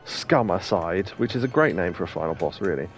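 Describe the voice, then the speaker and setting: A man's voice: deep voice, expressive, a little fast, faint music behind. A man co-hosting a let's play, chatting casually and telling rambling anecdotes with plenty of laughs. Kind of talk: casual chat over gameplay.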